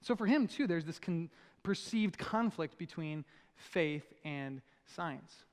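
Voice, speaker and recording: High-voiced joking pastor in a reverberant church. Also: male voice, expressive, slow. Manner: conversational, joking preacher. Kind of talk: sermon. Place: church auditorium.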